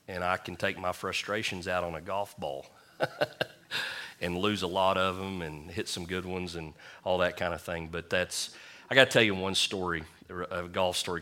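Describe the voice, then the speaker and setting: A man's voice: low voice, pushed and bright. A man preaching a sermon, telling a funny story in a folksy, humorous way. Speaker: pastor.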